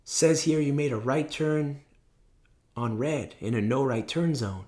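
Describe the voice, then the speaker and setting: A man voicing a patient woman judge who asks quiet, drawn-out, coaxing questions. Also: medium pitch, close to an everyday voice.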